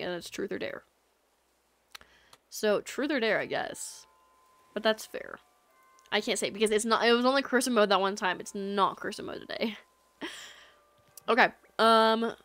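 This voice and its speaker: A young woman chats live to her stream viewers from a room at home. She rambles, giggles often and keeps restarting her sentences. Her voice is pitched midway for a woman, with faint music running underneath. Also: fairly bright tone. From United States.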